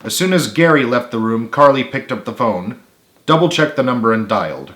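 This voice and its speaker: A man, the author, narrating his own book in a steady read-aloud. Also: medium pitch, fairly quick, roomy sound.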